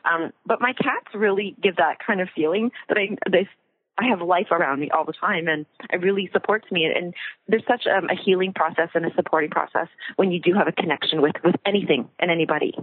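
A woman's voice: fairly low pitch, a little fast, breathy edge. A woman co-hosting a casual talk show, chatty, laughing often and acting out little voices. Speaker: co-host. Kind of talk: casual chat. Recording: tinny phone line.

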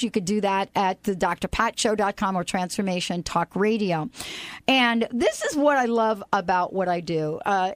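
A woman hosting an inspirational radio talk show, animated and playful, breaking into bits of song. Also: medium pitch, dry recording. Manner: animated, playful, sings snatches of songs.

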